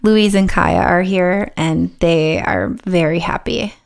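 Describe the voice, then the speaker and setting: A woman co-hosting a podcast in casual chat, animated and emotional, laughing as she talks. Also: fairly low pitch, slow, gravelly, smooth. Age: young adult or middle-aged, a mother. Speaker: podcast co-host.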